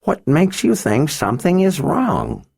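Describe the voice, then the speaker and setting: A man narrating an audiobook, voicing an old wizard who speaks slowly and gently, brushing off concern. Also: on the high side, wildly swooping pitch, creaky, breathy edge, voice pushed up, heavily acted. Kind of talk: audiobook character voice.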